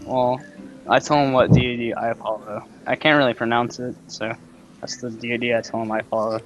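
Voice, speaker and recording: Male player, mid pitch, easygoing, muffled lo-fi mic. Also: flat delivery, moderate pace, soft background music. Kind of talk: casual tabletop game chat.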